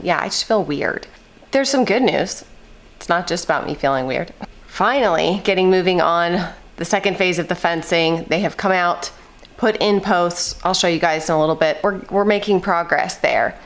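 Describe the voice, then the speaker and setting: Chatty woman with a stuffy, slightly hoarse voice. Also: lowish voice, normal speed. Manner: chatty and rambling, lots of "like" and "you know". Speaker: vlogger, mother of eight. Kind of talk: casual vlog chat. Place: at home indoors.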